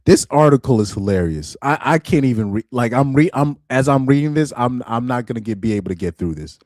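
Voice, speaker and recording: A man's voice: mid-range voice, expressive, fairly quick, a little mellow, dry recording, studio quality. A young man on a live stream reacting to articles, laughing often, repeating himself and restarting his sentences in casual chat.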